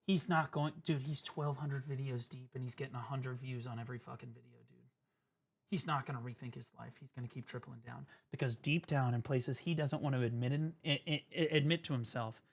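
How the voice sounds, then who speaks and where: A man's voice: medium pitch, normal speed, vocal fry. A man streaming, ranting and mocking in a profane comedic style at a desk microphone. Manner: profane, mocking, lively rant.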